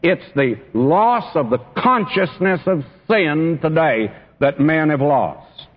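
In a dull, echoey church hall recording, a pastor gives a sermon in a slightly high, expressive voice that is slow and a bit rough. He is earnest and speaks straight to his listeners, addressing them as friend and beloved.

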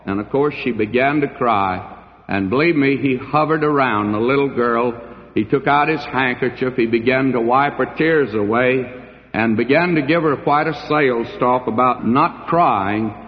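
A man preaching a sermon as a pastor, slow and deliberate, with dramatic pauses between phrases. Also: medium pitch. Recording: dull old recording in a hall.

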